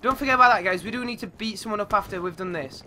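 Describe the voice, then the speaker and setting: Young male gamer, high bright voice, swears and yelps, squeaky when excited. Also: racing. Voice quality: goes squeaky when yelling. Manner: excitable, shouts and swears at the game. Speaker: gaming YouTuber. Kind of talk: live gameplay commentary.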